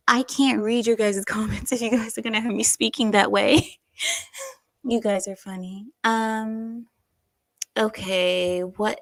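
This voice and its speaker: A woman hosting a livestream, chatting casually and reading out viewer comments in an animated, talkative way. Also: a little high, measured pace, no echo. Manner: chatty, animated, breaks into silly voices and laughs. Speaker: livestream host.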